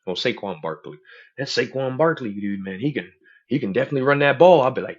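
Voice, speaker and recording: A man's voice: medium pitch, expressive, fast, dull audio. A man hosting a podcast in casual chat, telling stories animatedly and mimicking other people's voices in quotes. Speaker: podcast host.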